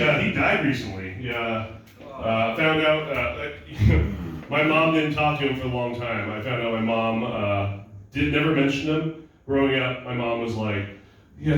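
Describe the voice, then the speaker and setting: A male stand-up comedian ranting in a profane, deadpan way at a live show, sometimes mocking other people's voices. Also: medium pitch, recorded from a distance. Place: small club with audience laughter. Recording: very echoey room, voice off-mic.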